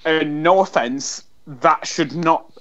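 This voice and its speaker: A man co-hosting a casual podcast. He swears freely and acts out the quotes in his stories. His voice sits a little high, and the recording sounds dull and lo-fi. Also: slow, a bit bright. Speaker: podcast co-host. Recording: dull lo-fi audio.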